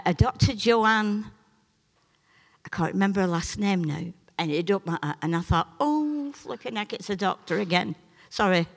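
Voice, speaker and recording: Emphatic woman preaching. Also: fairly low pitch. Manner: emphatic, swings between loud preaching peaks and soft asides. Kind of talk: sermon with personal testimony. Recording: long reverb of a large hall.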